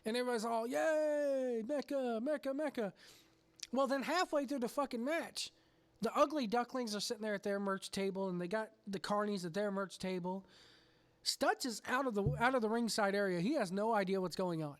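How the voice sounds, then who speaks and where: A man's voice: sits high, a little fast. A man hosting a podcast, telling a story with lots of swearing. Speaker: podcast host. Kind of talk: casual chat.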